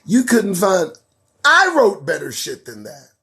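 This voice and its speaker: A man hosts a live show, reading headlines and mocking them in a sarcastic running commentary. His voice sits high and leaps around wildly. He breaks into laughter between loud bursts and quiet asides. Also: unhurried, gravelly. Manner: animated, sarcastic, swings between loud outbursts and mutters; laughs a lot between remarks. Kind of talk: live news commentary and riffing.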